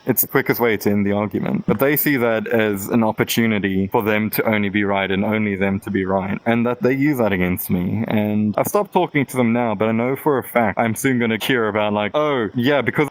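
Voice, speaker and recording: A man's voice: lowish voice, steady tone, a little fast, hardly any pauses, poor audio. A man guest on a podcast, candidly telling a personal story in casual chat, acting out both sides of the exchanges and laughing now and then. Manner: candid, rambling storytelling with quoted back-and-forth.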